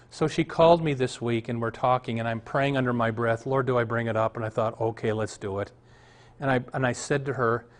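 A male pastor, preaching a sermon that moves from storytelling to emphatic outbursts. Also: mid-range voice.

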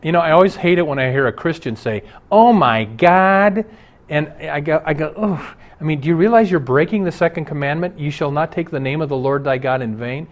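A man's voice: on the high side, fast. Earnest preaching man. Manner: earnest, emphatic preaching with rising and falling intensity. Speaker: pastor. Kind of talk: broadcast sermon.

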